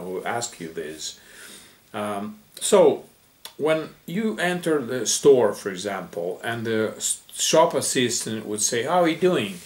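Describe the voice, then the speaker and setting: A man whose first language is Russian gives an informal English lesson as a story. His voice sits in a middle register, and he talks at a relaxed, unhurried rhythm, filling gaps with ums and restarting his sentences. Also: mid-range voice. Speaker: English teacher. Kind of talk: casual spoken lesson, storytelling.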